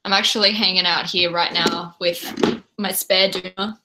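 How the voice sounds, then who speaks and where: Australian accent, woman, young adult, bright voice, chatty livestream host, reads and answers chat. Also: lowish voice, steady tone, normal speed. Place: home room.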